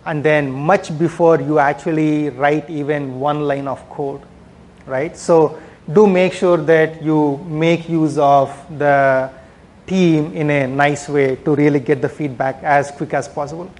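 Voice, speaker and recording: A man's voice: a little high, fairly even intonation, unhurried, darkish tone, slight background noise. A man giving a conference talk on product management, speaking conversationally and often ending points with "right?". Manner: conversational, frequent "right?" tags and fillers.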